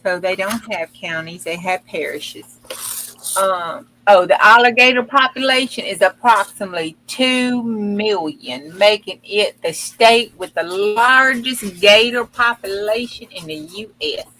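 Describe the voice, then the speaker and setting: Slow, folksy woman reading fun facts. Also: mid-range voice, pushed and bright, poor audio. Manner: folksy, chatty, stumbles over words. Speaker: co-host. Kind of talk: casual livestream chat reading fun facts.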